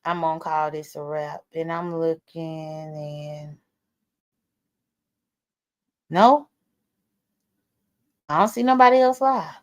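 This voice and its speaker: A woman's voice: low voice, slow, muffled recording. A woman hosting a casual livestream, talking straight to her viewers with blunt, profane emphasis. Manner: talks straight to viewers as "y'all". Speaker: livestream host. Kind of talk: casual live-stream commentary.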